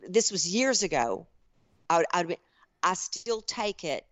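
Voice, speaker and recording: A woman's voice: lowish voice, sing-song, slow pace, no echo. A woman, a podcast guest telling stories in casual chat, often restarting and repeating words. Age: 60s. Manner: chatty storyteller, frequent restarts and repeats. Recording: dry, slightly muffled podcast audio.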